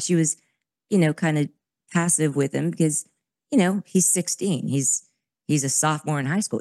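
A woman in her forties, a podcast guest, telling a personal story in an animated way, with many restarts and quoted asides. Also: low voice, normal speed, no echo. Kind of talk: conversational interview storytelling.

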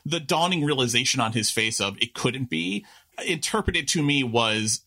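Bright-voiced man, rambling podcast co-host. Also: mid-range voice, moderate pace. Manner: rambling, restarts and filler-heavy, animated asides. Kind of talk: casual chat.

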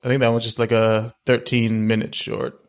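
Flat-voiced young man reviewing a film. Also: mid-range voice, normal speed, gravelly. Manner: rambling, many fillers and restarts. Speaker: film podcast co-host. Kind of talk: casual film review chat.

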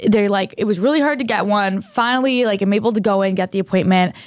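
A woman's voice: mid-range voice, fast, no room sound. A young woman co-hosting a podcast, telling a story in casual chat and acting out both sides of the conversations. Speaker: podcast co-host.

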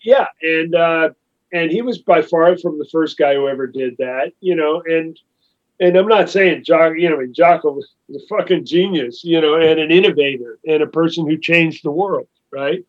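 A man's voice: on the high side, moderate pace. A man in a casual chat about music, rambling through his points and teasing the others. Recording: slightly muffled audio.

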